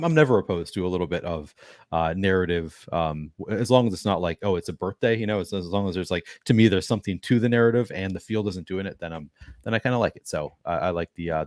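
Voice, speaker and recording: A man hosting a casual fantasy football podcast, quick and agreeable, steering the talk with questions. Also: deep voice, darkish tone, no echo. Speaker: podcast host.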